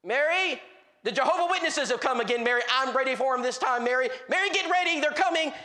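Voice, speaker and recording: Man putting on an excited, high-pitched husband calling his wife. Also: fast. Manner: shouting the wife's name again and again. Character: excited, stirred-up man greeting visitors.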